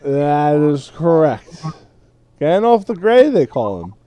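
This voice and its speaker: A man voicing a tipsy, cheerful male hobbit gentleman, talking in a slurred, overly grand way. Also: fairly high pitch, very animated, takes it slowly, dry recording, muffled recording, pitched above the performer's own voice. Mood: boastful.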